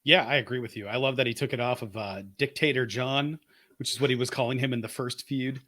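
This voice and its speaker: A man talks through his picks in a casual podcast chat, eager and opinionated, thinking out loud as he goes. His voice sits in a middle range and comes across dry and close, with no room around it. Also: mid-range voice, fairly even intonation, fast talker, no echo. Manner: enthusiastic, opinionated, thinks aloud. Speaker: podcast co-host.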